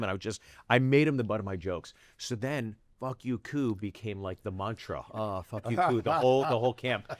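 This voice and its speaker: Profane, lively comedian spinning a story. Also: male voice, mid-range voice, no room sound. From Pittsburgh area. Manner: quick, profane storytelling that jumps into quoted voices. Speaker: stand-up comedian guest. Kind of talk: animated storytelling in casual chat.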